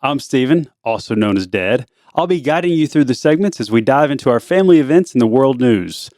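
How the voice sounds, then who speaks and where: A man's voice: medium pitch, lively intonation, a little fast, a little mellow. A man hosting a family podcast as the dad, chatting in a casual, teasing way with a mock news-anchor flair.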